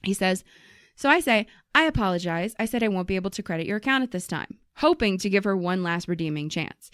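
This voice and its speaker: A woman co-hosting a casual podcast, telling and reading listener stories with lively voices for the people she quotes and plenty of swearing. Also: mid-range voice, brisk, no room sound, studio quality. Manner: animated storyteller, acts out quoted people, swears freely. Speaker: podcast co-host.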